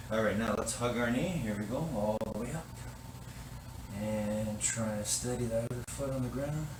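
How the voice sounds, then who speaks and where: Encouraging male instructor in an echoey room. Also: medium pitch. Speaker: fitness instructor. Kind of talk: guided exercise class. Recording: echoey room, distant mic, noisy.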